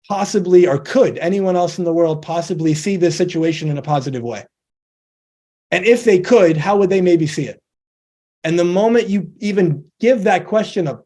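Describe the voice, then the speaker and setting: A man's voice: sits high, mellow. A man presenting a motivational talk, explaining ideas step by step and acting out quoted dialogue.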